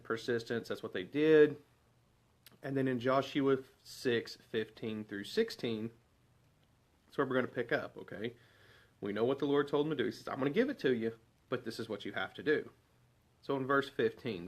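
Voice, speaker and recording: A man preaching a casual devotional sermon, talking conversationally and asking many rhetorical questions. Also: medium pitch. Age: adult parent.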